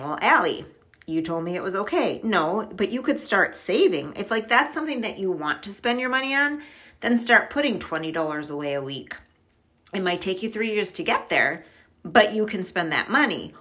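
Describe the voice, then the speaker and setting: A woman's voice: medium pitch, sharp tone. A middle-aged woman chatting casually as a podcast guest, upbeat and talkative, often saying "like" and laughing easily. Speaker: podcast guest on money mindset. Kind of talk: casual chat.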